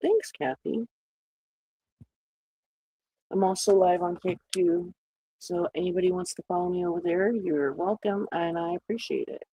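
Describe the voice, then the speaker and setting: A woman's voice: fairly low pitch, unhurried, long pauses, mellow, low-quality recording. A woman streaming live, chatting casually with viewers, greeting them by name, joking sarcastically and laughing at her own jokes. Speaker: livestreamer. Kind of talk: casual livestream chat.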